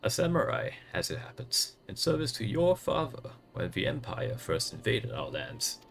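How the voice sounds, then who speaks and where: A man voicing an older retired samurai and proud grieving father, in a grave old man voice that breaks into strained high cries. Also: big pitch swings, normal speed, creaky, faint music behind. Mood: solemn. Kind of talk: reading game dialogue aloud in character.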